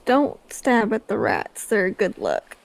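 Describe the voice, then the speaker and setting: A man's voice: high-pitched, huge pitch swings, unhurried, gravelly, no echo, pitched above the performer's own voice, exaggerated voice. A man voicing a superstitious ship crew member who pleads urgently. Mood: pleading.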